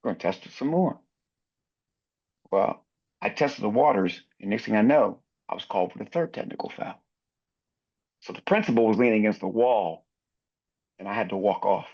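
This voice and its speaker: A man's voice: lowish voice, expressive, moderate pace, pauses often, darkish tone, muffled recording. A man in his sixties, a basketball referee, telling anecdotes in a podcast interview and acting out other people's lines.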